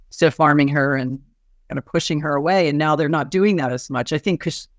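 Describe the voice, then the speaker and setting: A woman psychiatrist talking about a patient as a guest in a conversation, animated and restarting her sentences often. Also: low-pitched, no echo, studio quality. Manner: animated, with frequent restarts and soft laughs. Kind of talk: conversational case storytelling.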